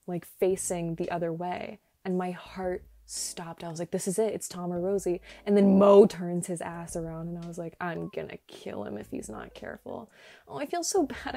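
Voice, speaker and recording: An excitable young woman chats through her gameplay at home late at night, her mellow voice leaping into squeals and laughter. She records on earbuds, with faint game music underneath. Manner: excitable, laughing, big pitch jumps and squeals. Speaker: gaming YouTuber. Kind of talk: casual gameplay commentary.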